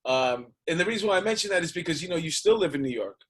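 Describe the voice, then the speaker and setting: Chill guy hosting an interview, jokes around and laughs a lot, kinda high voice. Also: animated, fast, fairly bright tone, husky. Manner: laid-back, laughs often, joking. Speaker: host. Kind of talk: casual interview chat.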